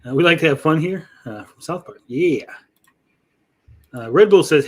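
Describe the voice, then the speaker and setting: Husky-voiced man hosting a reaction stream. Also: fairly high pitch, lively intonation, normal speed, pauses often, darkish tone. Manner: blunt, profane, sarcastic. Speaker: streamer host. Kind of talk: casual livestream reaction chat.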